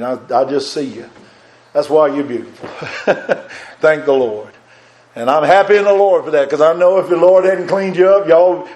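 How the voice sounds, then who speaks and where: A man delivers a sermon in a fairly high voice. He is fervent, swinging between loud, pressing lines and soft, hushed ones. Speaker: preacher.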